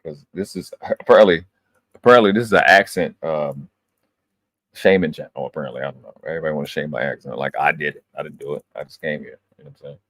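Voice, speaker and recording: Deep-voiced man, profane and lecturing. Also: fast, a bit bright, dry recording. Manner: emphatic, lecturing, heavy swearing. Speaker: live stream host. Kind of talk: casual profane monologue.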